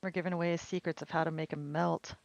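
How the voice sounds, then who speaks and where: A woman streaming a farming game with a friend, playful and full of quick questions. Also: low voice, level tone, vocal fry, no room sound. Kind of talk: casual co-op gameplay chat. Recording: dry, dull lo-fi mic.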